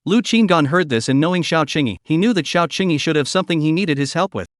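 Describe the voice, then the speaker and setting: A man reading a scripted story recap in an even, steady manner. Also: a little high, fast talker, dry recording, clean studio sound. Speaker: narrator. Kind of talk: scripted narration of a comic recap.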